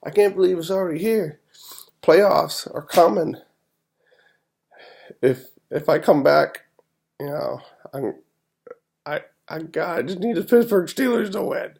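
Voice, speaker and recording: A podcast host shares his football picks in a casual, rambling way, restarting like an exasperated fan. His voice is on the high side yet darkish, husky and creaky, and he speaks unhurriedly with frequent pauses.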